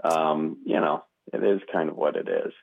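A man with a Wisconsin accent, a comedian guest in a casual interview, talking haltingly with many restarts and fillers. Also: rumbling low, big pitch swings, vocal fry, narrow, tinny audio.

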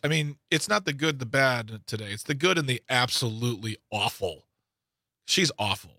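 A man's voice: mid-range voice, expressive, moderate pace, bright, forceful tone, dry recording. A man co-hosting a radio talk show, joking and sarcastic in casual banter on a studio mic. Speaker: radio co-host.

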